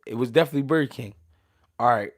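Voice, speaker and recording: Fast-talking and medium-pitched, this Philly show host swaps casual tales. His delivery is lively, full of slang and cursing, and he often breaks off to start a sentence over.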